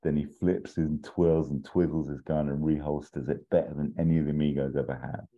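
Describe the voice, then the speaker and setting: Man, casual rambling storyteller. Very deep and dark-toned, dull lo-fi recording. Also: fairly even intonation, brisk. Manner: rambling, many fillers and restarts, acts out quotes. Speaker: podcast co-host pitching a story.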